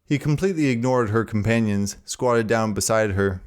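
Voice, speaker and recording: A man reading a novel aloud in a steady, even narration. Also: lowish voice, normal speed, smooth.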